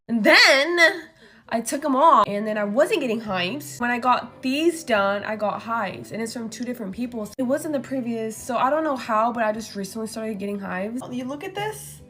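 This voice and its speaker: A woman's voice: on the high side, a little fast, soft background music. A young woman in her twenties chatting casually and swearing freely while doing her makeup and telling a story. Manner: chatty, profane, animated storytelling. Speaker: beauty vlogger.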